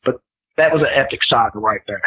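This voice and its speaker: A man and guest rapper telling stories in casual chat, animated and acting out quotes in raised voices. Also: medium pitch, fast, slightly rough. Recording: tinny phone line.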